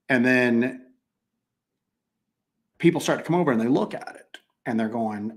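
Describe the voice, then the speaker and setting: A man's voice: mid-range voice, moderate pace, long pauses. A man hosting a casual talk show, telling stories animatedly and acting out quoted lines. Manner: animated storyteller, acts out quotes, repeats himself. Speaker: podcast host. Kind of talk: casual chat.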